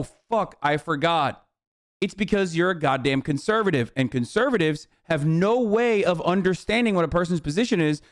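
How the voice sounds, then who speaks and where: A man streaming a reaction to a documentary, ranting in a heated, profane, sarcastic way. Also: high voice. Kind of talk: casual reaction commentary.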